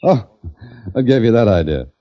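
A deep-voiced wry adventurer. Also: male voice, big pitch swings, moderate pace, mellow. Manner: wry, ironic. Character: wry, quick-witted adventurer writer, lead man. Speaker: narrator and lead. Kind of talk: 1940s radio acting. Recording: dull old radio recording with faint music.

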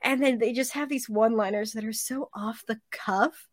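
A woman's voice: fairly high pitch, normal speed, dry recording. A woman chatting casually as a podcast guest, talking freely and laughing often. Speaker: podcast guest, convention volunteer. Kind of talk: casual chat.

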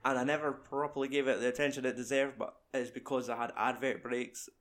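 A young man hosts a relaxed film chat, swearing freely and joking with his mate. His voice sits at an ordinary middle pitch. He reads the cast list off in an easy, conversational way. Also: a little fast. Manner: sweary, banter-filled. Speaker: podcast host.

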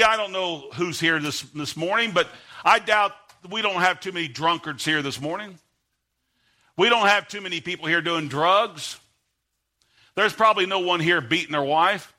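A middle-aged man preaching as a guest pastor, emphatic and building to sudden shouts, reading scripture in old King James wording. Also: high voice, animated, moderate pace. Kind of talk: Baptist sermon.

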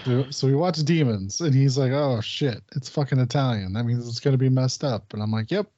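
A man's voice: medium pitch, a little fast, dark tone, no echo. Rambling, swearing man on a podcast. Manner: rambling storyteller, swears, acts out friend's lines. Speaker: podcast co-host. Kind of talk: casual chat. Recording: dull lo-fi podcast audio.

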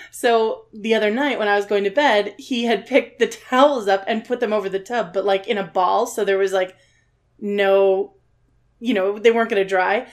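A woman joins her husband's comedy podcast and talks casually at a middle pitch. She is blunt and teasing, and she swears freely. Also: steady tone, moderate pace. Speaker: co-host, host's wife.

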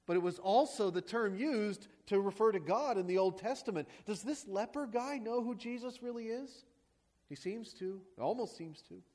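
A man preaching a sermon as a pastor, praying and then teaching with rhetorical questions and emphatic repetition. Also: high-pitched.

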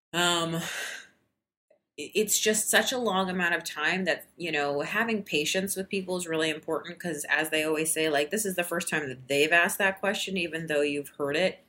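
Hoarse, tired low-voiced woman. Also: sharp tone. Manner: rambling, with many fillers. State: hoarse, losing her voice. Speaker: podcast host. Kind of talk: casual recorded diary.

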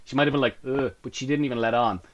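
A man's voice: mid-range voice, rapid-fire, muffled recording, a crowd in the background. A young man in his twenties, a podcast guest chatting casually and acting out the quotes in his stories. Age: 20s. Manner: lively storyteller, acts out quotes. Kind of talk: casual chat.

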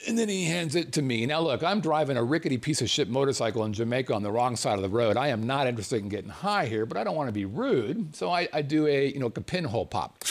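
A man's voice: mid-range voice, fast, hardly any pauses. A man telling a comic personal anecdote, laughing as he goes and acting out his own reactions. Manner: animated, laughing through the telling. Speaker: storyteller. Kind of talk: comedic anecdote.

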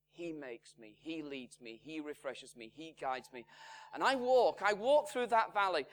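Slow, measured man preaching a sermon. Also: fairly high pitch. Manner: measured, emphatic delivery with loudness swinging from strong to hushed. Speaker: pastor. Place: church in Salford.

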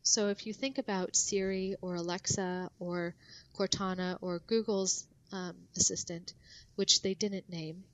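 A woman's voice: lowish voice, steady tone, measured pace, dry recording. A woman guest on a podcast, explaining things casually with lots of fillers and restarts.

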